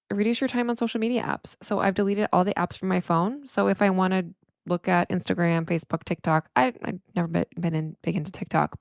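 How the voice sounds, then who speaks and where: Her voice is fairly low and gravelly: a middle-aged woman therapist alone on her podcast, speaking with candor and feeling and restarting often. The reflective monologue is recorded dry, at studio quality.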